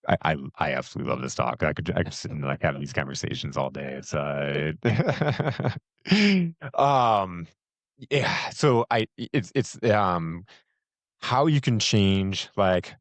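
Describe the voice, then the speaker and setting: A middle-aged man talks in a very low, deep voice, close to the mic with no room sound. He tells a story casually, with fillers and laughter. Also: animated, slow, no room sound. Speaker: host. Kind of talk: casual conversation.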